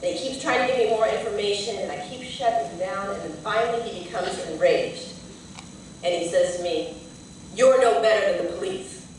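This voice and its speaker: A woman's voice: medium pitch, fairly quick, distant mic, slight background noise. Woman lecturing in a very echoey hall. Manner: earnest, vivid storytelling. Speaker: civil rights lawyer and lecturer. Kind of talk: storytelling lecture. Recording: very echoey hall, heard from afar.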